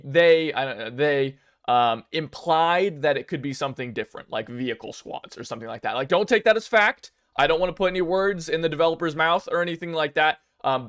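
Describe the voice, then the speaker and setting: Rambling, excitable young man. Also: mid-range voice. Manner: rambling, excitable, many fillers and restarts. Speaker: gaming video creator. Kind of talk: casual commentary on game news.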